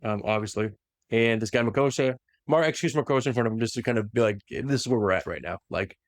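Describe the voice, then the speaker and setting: A man in an easy, animated podcast chat, walking a co-host through a story and dropping into quick impressions of the characters. His voice sits in a middle range, and the recording is dry and close with no room sound. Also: medium pitch, no echo. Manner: animated retelling that slips into quick voiced quotes. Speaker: podcast host recapping lore. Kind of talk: casual lore recap chat.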